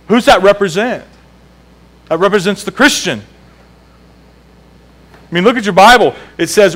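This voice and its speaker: A man's voice: high voice, animated, measured pace, pauses often, fairly bright tone, poor audio. A male pastor preaching a sermon in a church, emphatic and repeating key phrases, asking the congregation questions. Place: church sanctuary.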